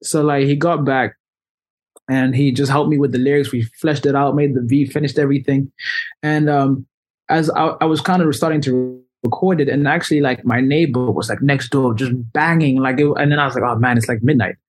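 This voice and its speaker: Young male guest, casual storyteller, loose and lively, average pitch. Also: a little fast. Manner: animated, loose, heavy use of "like". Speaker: musician guest.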